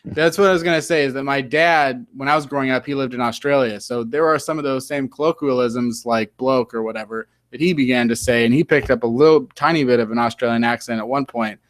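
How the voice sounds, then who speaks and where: A man's voice: medium pitch, steady tone, a little fast, no echo. An American man hosting a casual sports podcast, rambling and full of fillers. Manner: rambling, filler-heavy, fond of mock British slang. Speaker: podcast host.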